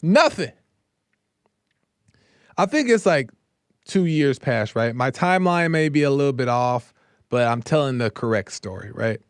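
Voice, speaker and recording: A man's voice: mid-range voice, big pitch swings, slow, long pauses, clear, resonant tone, no echo, clean studio sound. A man hosting a live show, casually retelling a true-crime case in a chatty way and checking in with "right?" after almost every point. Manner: conversational, keeps checking in with "right?". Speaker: host.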